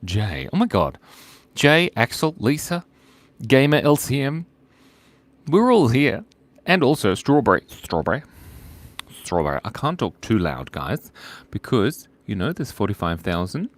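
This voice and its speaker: A man's voice: medium pitch, sing-song, a little slow, pauses often, no room sound. A man hosting a live drawing stream, chatting casually, joking, laughing often and reading out viewer comments.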